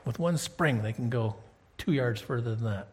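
A man preaching a Bible lesson in a relaxed, conversational way. He reads verses aloud and keeps checking in with his listeners through questions. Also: mid-range voice, moderate pace, slightly rough.

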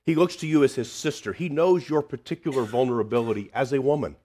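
A man preaching a sermon, swinging between loud emphasis and hushed tenderness. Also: mid-range voice, fast, a little hiss or hum.

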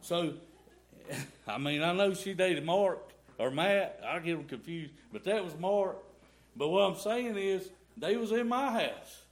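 Speaking in a high, animated voice at an unhurried pace, a middle-aged man delivers a folksy, rambling testimony in a church sanctuary, peppered with "y'all" and "ain't."

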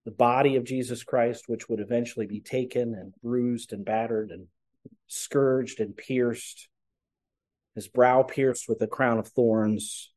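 A man's voice: mid-range voice, fairly even intonation, unhurried, darkish tone. A man preaching a sermon, explaining scripture earnestly and posing rhetorical questions to his congregation. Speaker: pastor.

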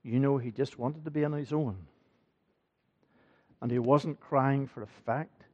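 A man's voice: mid-range voice, fairly even intonation, a little slow, highs cut off. A man preaching a sermon in a church, earnest and building in force, often repeating his phrases. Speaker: pastor.

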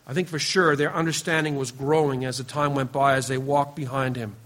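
A man preaching a sermon to his congregation, earnest and emphatic, often dropping to a quieter, lower voice and addressing listeners by name. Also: steady tone, a little fast. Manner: speaks directly to the congregation, teasing members by name. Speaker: pastor.

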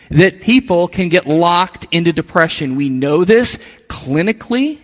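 A man's voice: fairly high pitch, lively intonation, measured pace, hardly any pauses. A middle-aged man preaching a sermon to his church in an earnest way. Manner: earnest, acts out quoted voices. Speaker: pastor. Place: church sanctuary. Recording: reverberant church hall.

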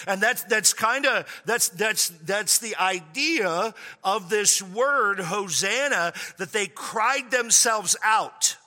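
Pastor guy preaching, high and very bright voice, joking around, big echo in the church hall. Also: takes it slowly, hardly any pauses. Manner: animated and joking, stretching key words out. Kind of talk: sermon.

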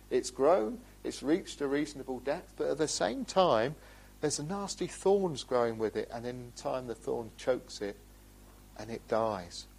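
A man preaching a sermon, earnest, his voice rising for emphasis and dropping low. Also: breathy edge, rough recording.

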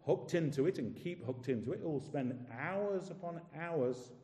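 A man preaching a sermon in a mellow, fairly high voice. He presses his points with rhetorical questions and drags out quoted scripture slowly. The sound rings with the long reverb of a big church hall. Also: expressive. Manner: emphatic, asks rhetorical questions, slows down on scripture.

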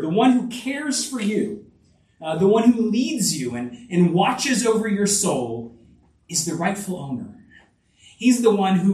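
A man preaching a sermon in an earnest, conversational way, often restarting phrases. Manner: earnest, with frequent restarts and lively rises in pitch. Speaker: pastor. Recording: echoey room, voice from a distance.

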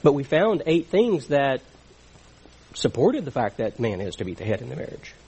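A man's voice: mid-range voice, big pitch swings, moderate pace, a little mellow, breathy edge, poor audio. A middle-aged man preaching a sermon in an earnest, conversational teaching manner.

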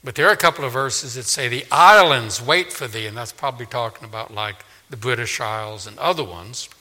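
A man from New Orleans preaching a sermon, emphatic, with loud stressed words and quiet asides. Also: mid-range voice, a little fast. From New Orleans, Louisiana. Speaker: pastor. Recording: long hall reverb.

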